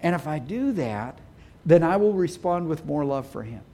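A man's voice: fairly high pitch, sing-song, normal speed, dark tone. A middle-aged man preaching a sermon as pastor, speaking earnestly and with emphasis.

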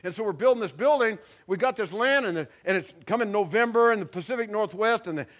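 A male pastor preaching a sermon, telling stories animatedly and dropping very soft at dramatic moments. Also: high-pitched, a little fast. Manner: animated storyteller, acts out voices, drops very soft for dramatic moments. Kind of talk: sermon with storytelling.

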